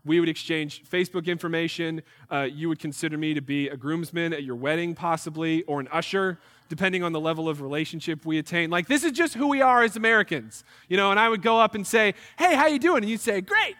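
A young New Yorker with a fairly high voice talks quickly and barely pauses, his sound filling a large hall. He's a missionary speaker presenting to a church group, spinning animated, jokey stories full of acted-out asides.

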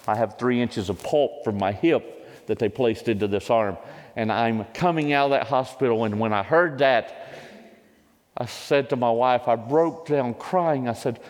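A man in his fifties preaching a sermon, giving impassioned testimony that climbs into loud pleading cries. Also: mid-range voice, measured pace. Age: 50s. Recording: long hall reverb.

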